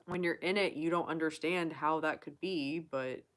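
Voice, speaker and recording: A woman's voice: low-pitched, fairly even intonation, moderate pace, fairly bright tone. A young woman hosting a casual live Q&A stream, chatting and reading viewer comments aloud. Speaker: livestream host.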